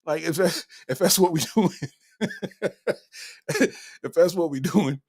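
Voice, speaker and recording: A man hosting a comedy podcast, reacting loudly to a news story with exclamations, laughter and repeated punchlines. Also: a little high, slow, breathy edge. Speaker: podcast host. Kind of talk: comedic commentary.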